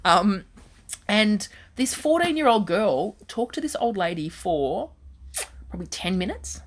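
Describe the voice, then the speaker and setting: A woman, a guest comedian telling animated stories in casual chat on a radio show. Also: medium pitch, measured pace. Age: 40s. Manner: animated, chatty anecdote telling. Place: radio studio.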